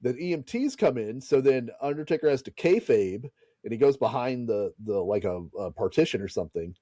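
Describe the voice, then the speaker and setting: A man's voice: mid-range voice, animated, a little fast, mellow, no echo. Man telling stories on a podcast. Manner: laughs and swears while retelling stories. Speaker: podcast host. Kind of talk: casual storytelling chat.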